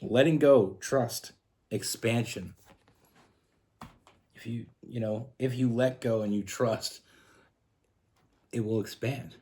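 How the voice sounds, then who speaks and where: A man's voice: mid-range voice, takes it slowly, long pauses, darkish tone. A man from Canada giving a casual tarot love reading, earnest and rambling with frequent restarts. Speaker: tarot reader.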